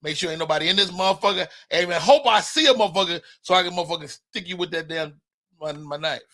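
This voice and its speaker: A man's voice: sits high, fast, sharp tone. A man hosting a live talk show, arguing in emphatic, profane, casual comedic debate. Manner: emphatic, profane, stammering restarts. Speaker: podcast host.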